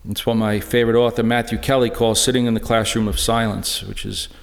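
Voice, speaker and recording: Earnest middle-aged guy telling his story at church, lowish voice, lots of stops and restarts, big reverby hall. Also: little pitch movement, creaky. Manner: halting and earnest, full of restarts. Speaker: lay speaker sharing a personal witness. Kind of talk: personal testimony talk.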